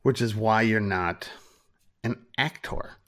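A man's voice: on the low side, slow pace, a bit bright. A man from Minnesota, a photographer, talking as a podcast guest with dry, self-deprecating humor. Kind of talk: casual interview chat.

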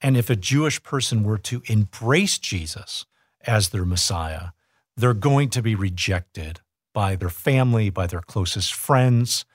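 A man's voice: lowish voice, expressive, measured pace, dry recording, studio quality. A man from a ministry, explaining earnestly as a guest on a radio show. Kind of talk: radio interview.

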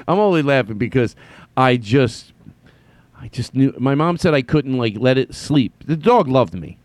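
A man hosting his own podcast, telling a rambling, self-deprecating comic story with halting restarts. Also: mid-range voice, lively intonation, darkish tone, no echo. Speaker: podcast host.

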